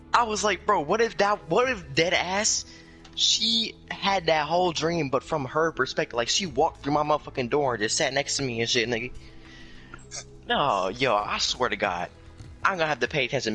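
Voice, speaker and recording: A young man telling a casual story time, animated and full of profane slang, jumping up high when he quotes himself. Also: normal speed, soft background music. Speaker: storyteller guest.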